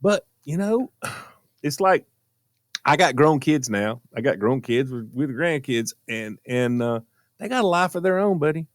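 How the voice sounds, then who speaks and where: A man's voice: medium pitch, expressive, measured pace, dry recording, studio quality. An older man, co-hosting a radio show and telling a story in casual chat, laughing through his punchlines.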